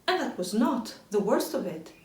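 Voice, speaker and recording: Lively lady storyteller for kids, high voice, slow, roomy echo, mic far off. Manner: animated, expressive. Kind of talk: children's storytelling. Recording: echoey room, distant mic.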